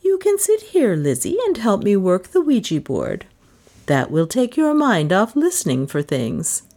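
A woman's voice: medium pitch, wildly swooping pitch, unhurried, dark tone, voice pushed up, exaggerated voice. Woman doing a prim composed spinster. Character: prim elderly spinster mistress of the house.

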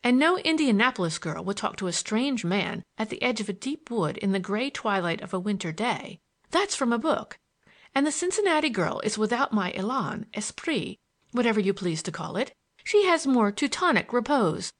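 A woman reading the lines of a playful, mocking young woman in an audiobook, her talk quick and breathless. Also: medium pitch, very animated. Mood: teasing.

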